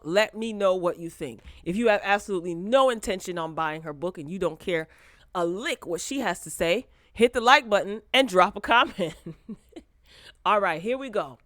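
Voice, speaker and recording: Woman, vlog host, mid-pitched, animated and sassy, chats right to viewers on a dry close mic. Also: dry recording. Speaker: host of a pop culture talk show. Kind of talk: casual commentary vlog. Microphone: close desk mic.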